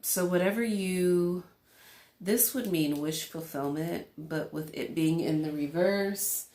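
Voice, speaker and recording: A woman's voice: fairly low pitch, slow pace, mellow, roomy sound. A woman host giving a casual tarot reading to a camera at home, rambling and chatty with lots of fillers. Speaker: tarot reader. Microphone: camera in front of her.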